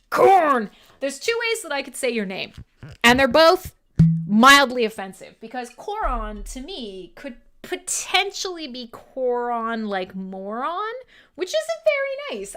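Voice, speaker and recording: A woman's voice: high voice, sharp tone. A young woman hosting a casual livestream radio show, chatting playfully with her viewers and laughing at herself. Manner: giggly, playful, self-deprecating, chatty with viewers.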